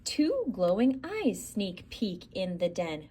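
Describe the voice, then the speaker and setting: A woman's voice: mid-range voice, big pitch swings, takes it slowly, mellow, husky. A woman reading a rhyming children's picture book aloud in a theatrical, sing-song way. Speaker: storyteller.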